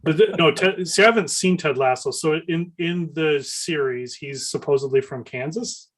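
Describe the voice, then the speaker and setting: A man from Michigan in a casual panel chat, joking and teasing with lively energy. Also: a little high. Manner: animated, joking, quick to tease. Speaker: illustrator panelist.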